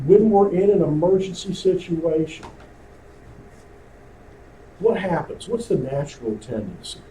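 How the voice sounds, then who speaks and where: At a club meeting, a man leads a radio communications class, keeping it conversational and asking the audience questions. His high-pitched voice has lively intonation and a dark tone, and he speaks at a measured pace. He's an amateur radio instructor, captured in a roomy, distant recording with faint hiss.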